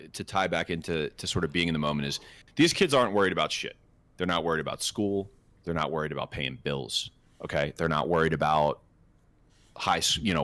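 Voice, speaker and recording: A man's voice: sits low, a bit bright, no echo. A man in his twenties co-hosting a podcast, telling a casual story in a rambling, profane way with lots of fillers and restarts. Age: 20s. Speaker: podcast co-host.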